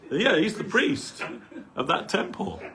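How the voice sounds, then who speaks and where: A man's voice: high voice, big pitch swings, unhurried, background noise. A man giving an informal spiritual talk at a temple gathering, rambling conversationally and peppering his stories with "you know".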